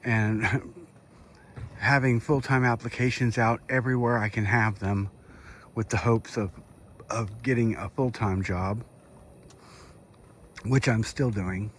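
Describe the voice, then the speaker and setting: A middle-aged man with the hiccups talks in a fairly low voice as he walks outdoors at night. His delivery is rambling and hesitant, with many fillers. A faint outdoor hum sits behind him. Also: steady tone, takes it slowly, pauses often, a bit bright. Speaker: vlogger. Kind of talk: casual walk-and-talk update.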